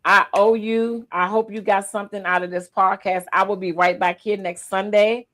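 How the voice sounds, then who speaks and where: A woman hosting a casual livestream podcast, lively and emotional, teary-eyed as she talks. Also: medium pitch, normal speed. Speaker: podcast host.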